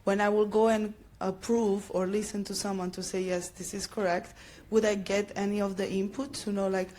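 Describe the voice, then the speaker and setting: A woman's voice: mid-range voice, little pitch movement, normal speed, darkish tone. A woman moderating a conference session, casual and upbeat.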